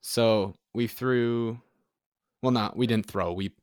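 A man's voice: mid-range voice, steady tone, slow, clean tone, dry recording, studio quality. A young man chatting casually as a podcast guest. He is easygoing and gives short replies. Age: young adult. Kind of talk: casual chat.

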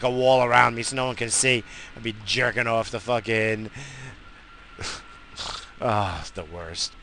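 Man, podcast host, solo rambling monologue, crude and profane, bright tense voice, faint ambient noise. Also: mid-range voice, poor audio. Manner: crude, profane and self-mocking.

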